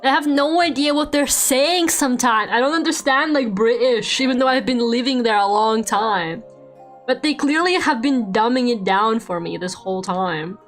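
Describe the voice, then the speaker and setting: A woman's voice: fairly high pitch, normal speed. A woman streamer chatting casually while drawing, swearing freely and laughing often. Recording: faint background music.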